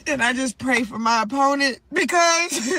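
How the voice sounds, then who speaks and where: A woman's voice: sits high, unhurried, bright, forceful tone, rough recording. A young woman boxer talking to camera from inside a car before a fight, rambling and earnest, repeating her words. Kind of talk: personal vlog monologue.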